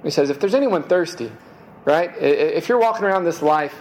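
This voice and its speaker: A man's voice: fairly high pitch, expressive, a little fast, darkish tone, rough recording. A man preaching a sermon in a casual, conversational way, dropping "man" and "right?" asides and repeating words as he restarts.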